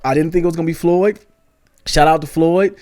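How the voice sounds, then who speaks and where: A man's voice: on the high side, steady tone, brisk, warm tone. A man co-hosting a podcast, telling loose, rambling stories in a casual chat. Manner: easygoing, rambling storytelling. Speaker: podcast co-host.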